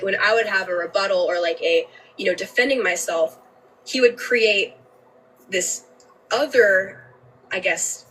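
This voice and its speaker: A woman's voice: on the low side, fairly bright tone, far from the mic, a little hiss or hum, poor audio. A woman telling a personal story on a livestream, emotional and candid, swearing freely and often restarting her sentences.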